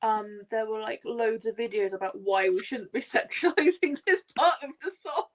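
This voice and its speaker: A woman's voice: on the high side, moderate pace. A woman in a casual chat with friends on a video call, chatty and giggly.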